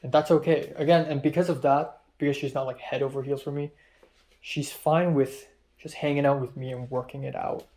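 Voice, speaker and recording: A man's voice: mid-range voice, fairly even intonation, a little fast, a little mellow. A young man telling a personal story in a rambling diary-style vlog, full of ums and quoted back-and-forth, sounding tired. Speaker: vlogger.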